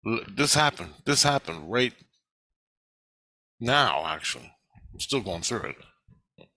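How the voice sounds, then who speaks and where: A man's voice: fairly low pitch, sing-song, takes it slowly, sharp tone, no echo. A middle-aged man rambling through a blunt, profane personal monologue about his spiritual life. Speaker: spiritual vlogger.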